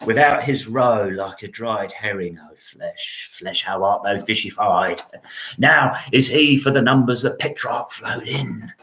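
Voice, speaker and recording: A man's voice: lowish voice, measured pace, bright, forceful tone, pitched below the performer's own voice. A man playing a witty, mocking young nobleman in a solo Shakespeare reading, with a theatrical delivery. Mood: teasing. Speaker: solo stage performer.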